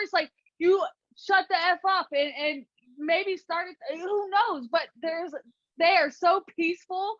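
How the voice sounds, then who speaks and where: A woman's voice: very high voice, unhurried, fairly bright tone, no echo, lo-fi sound. A woman co-hosting a casual podcast, chatting and reacting with exclamations. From United States. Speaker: co-host.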